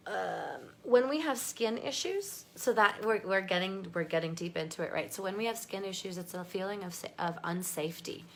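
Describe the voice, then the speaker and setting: A woman's voice: medium pitch, fairly bright tone, slight background noise. A woman coaching a live online workshop, bubbly and effusive, reading out viewers' comments and laughing often. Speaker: life coach.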